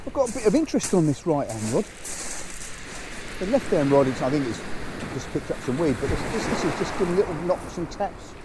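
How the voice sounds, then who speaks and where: A man's voice: on the high side, sing-song, a little fast, background noise. A man fishing from a beach at night, chatting and telling fishing stories. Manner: chatty storyteller, acts out quotes. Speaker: fishing vlogger. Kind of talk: casual chat and anecdotes. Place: seafront beach at night, outdoors. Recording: outdoor mic with crashing surf.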